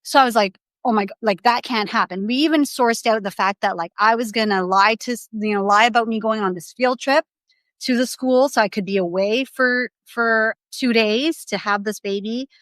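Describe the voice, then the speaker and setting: A woman's voice: on the high side, moderate pace, a bit bright, dry recording. A young adult woman as a podcast guest, telling her story candidly in a rambling, casual way with many restarts.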